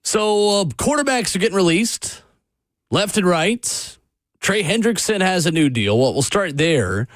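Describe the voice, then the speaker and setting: A man's voice: sits high, expressive, unhurried, fairly bright tone, no echo. A man hosting sports radio talk, with a dry, sarcastic delivery.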